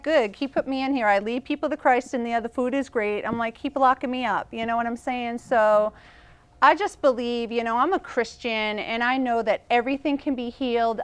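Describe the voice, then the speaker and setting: Boston lady on a talk show, smooth clear voice, kinda high, earnest. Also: fairly bright tone. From Boston, Massachusetts. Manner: earnest, emphatic, faith-filled storytelling. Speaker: guest, evangelist. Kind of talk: casual interview chat.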